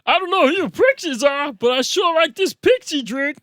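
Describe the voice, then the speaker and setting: A man voicing a drunken cartoon barfly, slurred and loud. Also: very high voice, lively intonation, moderate pace, no room sound, studio quality, voice pushed up. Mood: boozy.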